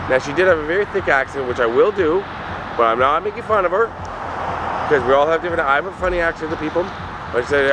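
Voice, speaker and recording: A man from Canada chatting casually outdoors, rambling and joking with halting restarts. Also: a little high. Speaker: co-host. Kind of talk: casual chat. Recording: outdoor street noise.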